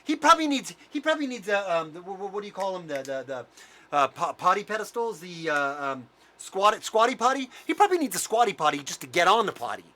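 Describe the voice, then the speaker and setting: Heated, high-voiced man ranting. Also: very animated, fast talker, pushed and bright. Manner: profane, heated and mocking. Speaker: vlogger. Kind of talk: angry ranting commentary.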